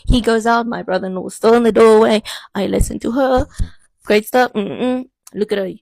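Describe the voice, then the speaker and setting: A woman's voice: a little high, steady tone, moderate pace, vocal fry, a little mellow, dry recording. A young woman tells a personal story to camera, in a dry, sardonic way. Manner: dry, sardonic, repeats a catchphrase between beats. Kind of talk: storytime vlog.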